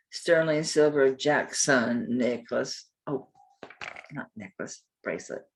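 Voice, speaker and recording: With a rumbling, husky low voice and a slow pace, an older jewelry seller chats to herself during a live sale, looking items up as she goes. She rambles along and lets slip a few mild curses.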